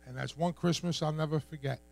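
A man giving a personal testimony at a church open mic, speaking haltingly and repeating words. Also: a little high, fairly even intonation, creaky.

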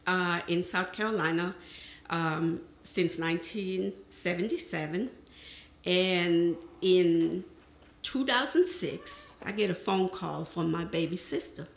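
A woman's voice: lowish voice, takes it slowly, gravelly, reverberant. A middle-aged woman telling her life story to an audience as a panel speaker, acting out remembered conversations. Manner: lively storyteller who acts out remembered conversations. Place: presentation room.

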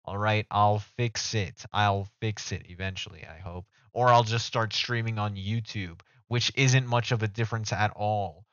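Rambling low-voiced male streamer. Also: fairly even intonation, normal speed, few pauses, fairly bright tone, no room sound. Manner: rambling, self-mocking, talks to chat. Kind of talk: casual live-stream chat. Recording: dull dry home mic audio.

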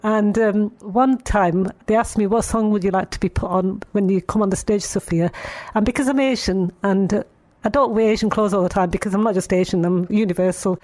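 Woman radio presenter and comic, easygoing and anecdotal, mid pitch. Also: fairly even intonation, fairly quick, a little mellow. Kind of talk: casual radio storytelling.

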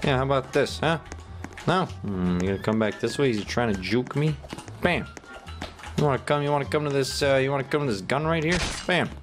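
A young man giving casual commentary as he plays a game, excitable and swinging from loud shouts to quiet muttering. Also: mid-range voice, fairly quick, soft background music. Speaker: gaming YouTuber.

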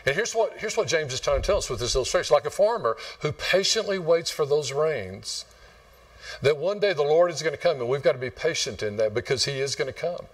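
A man's voice: a little high, expressive, fairly quick, far from the mic. A man from West Texas, preaching a folksy, rambling sermon and quizzing his congregation. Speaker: pastor. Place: church sanctuary.

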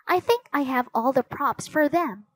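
A woman voicing an excitable young girl who talks in a bright, eager way. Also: sits high, unhurried, voice pushed up. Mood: excited.

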